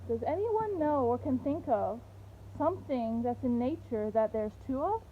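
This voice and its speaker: Woman home teacher, patient and coaxing, higher voice, lo-fi phone-like recording with faint background noise. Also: expressive, moderate pace. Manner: patient questioning, coaxing answers. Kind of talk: teaching a young child, storytelling. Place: outdoors in a garden.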